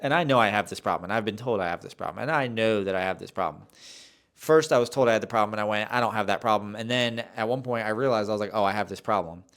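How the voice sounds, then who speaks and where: A man's voice: on the low side, fast, fairly bright tone, smooth. A young man hosting a solo podcast, telling a rambling, self-deprecating story with many restarts. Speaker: podcast host.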